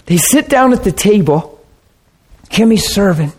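Man, preacher, storytelling sermon, fairly high voice, animated, drops to hushed tones. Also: a little slow, breathy edge.

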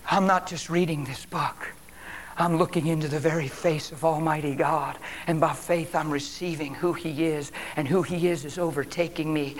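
A man with a high-pitched voice preaches a church sermon, driving his points home with emphasis. He swings between loud declarations and hushed, breathy whispers. A faint hum of the room hangs behind him. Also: fairly even intonation, moderate pace. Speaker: guest preacher. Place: church service.

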